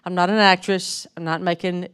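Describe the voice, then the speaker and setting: A woman from North Mississippi with a Southern accent, giving a casual sermon as a guest speaker, speaking slowly and deliberately with frequent ums. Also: fairly low pitch, level tone, a bit bright, clean tone. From North Mississippi, USA.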